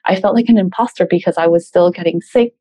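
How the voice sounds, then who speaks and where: A woman talking as a guest about leaving a job, reflective and measured, with light laughs. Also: lowish voice, mellow. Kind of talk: reflective conversation.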